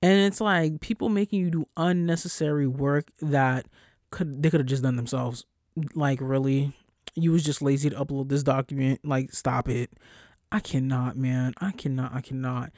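A podcast host ranting casually about work, exasperated and profane, with lively storytelling and mocking voices for quoted coworkers. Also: medium pitch, moderate pace, no room sound, studio quality. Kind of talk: casual solo rant.

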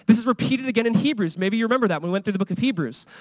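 Earnest high-voiced male pastor preaching. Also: lively intonation, racing, dry recording. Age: young adult or middle-aged, father of a son. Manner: earnest, conversational, acts out quoted voices. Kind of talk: sermon.

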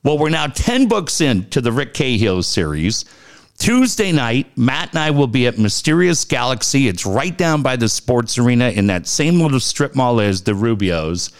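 A middle-aged man hosting a radio-style talk show, telling a story in a casual, animated way. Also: moderate pace. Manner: animated storytelling, lively swings in pitch.

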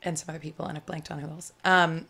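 A woman's voice: sits low, little pitch movement, quick pace, gravelly, bright, forceful tone, husky. Chatty woman telling a rambling story. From United States. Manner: rambling, many fillers, laughs while telling. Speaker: guest, actor. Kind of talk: casual storytelling chat.

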